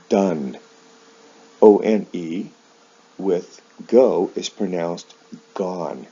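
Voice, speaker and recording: Slow deep-voiced man teaching pronunciation. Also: dark tone, husky. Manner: slow, careful enunciation of example words. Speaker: English teacher. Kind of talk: slow explanatory pronunciation lesson. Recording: dull lo-fi sound.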